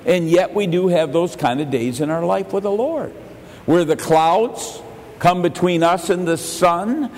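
A man preaching an earnest evening sermon, his voice rising into half-sung exhortation at the high points. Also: unhurried, darkish tone. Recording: echoey hall with faint rumble.

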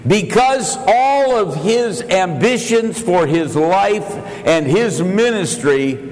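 Slow-preaching older man in a reverberant church. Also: on the high side. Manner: slow, earnest preaching with storytelling and King James quotations. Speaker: pastor. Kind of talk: sermon. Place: church sanctuary. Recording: long hall reverb in a church.

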